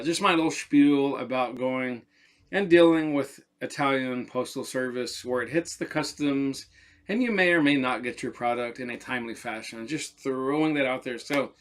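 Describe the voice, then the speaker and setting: A man talking casually as a perfume reviewer, animated and rambling, often repeating his words. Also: mid-range voice.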